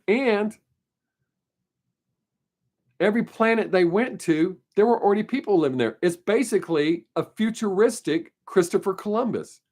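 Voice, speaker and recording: A man with a high-pitched, darkish voice hosts his weekly live stream, chatting casually and responding to viewer comments. He rambles, voices strong opinions, and laughs a lot.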